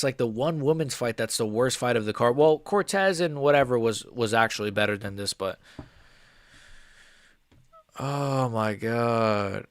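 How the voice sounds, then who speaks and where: A man's voice: medium pitch, unhurried, dry recording, studio quality. A man streaming a live fight reaction, ranting angrily and swearing, rambling with frequent restarts. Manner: angry, profane ranting. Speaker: MMA streamer.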